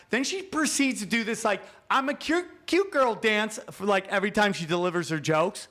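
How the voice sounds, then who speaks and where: High-voiced man ranting through a comedy story. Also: normal speed, few pauses. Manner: animated, profane, ranting. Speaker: comedian guest. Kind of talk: storytelling in a podcast chat. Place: podcast studio.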